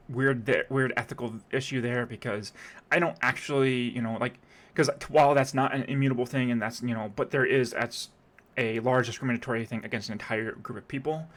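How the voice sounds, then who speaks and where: A man's voice: mid-range voice, fairly quick, a bit bright. A man streaming a casual reaction commentary, sarcastic and rambling, with many restarts.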